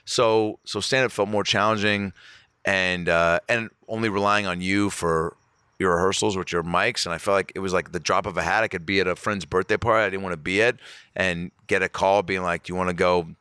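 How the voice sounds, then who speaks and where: Bright-voiced man telling a story. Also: fairly quick, clean tone, no echo, studio quality. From Reno, Nevada area. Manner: animated, swears a lot, acts out quotes with sharp jumps in pitch. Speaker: comedian guest. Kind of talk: casual podcast storytelling.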